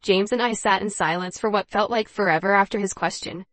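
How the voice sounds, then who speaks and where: A woman narrating a dramatized first-person story in an even, measured reading voice. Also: medium pitch, no room sound.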